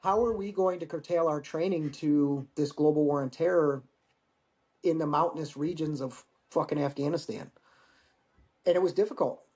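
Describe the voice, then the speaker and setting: A man in his forties, a Marine veteran guest, telling war-training stories in a casual, profane, animated way. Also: a little high, normal speed. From United States. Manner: profane, animated storyteller acting out dialogue. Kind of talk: casual storytelling interview.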